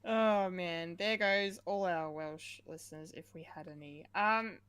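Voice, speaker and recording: A woman co-hosting a casual pop-culture podcast, chatty and quick to laugh, with lots of fillers. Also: fairly low pitch, a bit bright, smooth. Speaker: podcast co-host.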